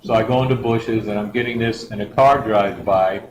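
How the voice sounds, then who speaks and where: A man's voice: on the low side, fairly quick, muffled recording. A middle-aged man giving a rambling personal story as a church guest speaker, acting out the quotes. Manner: rambling and lively, acts out quotes. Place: church hall. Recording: echoey hall with background noise.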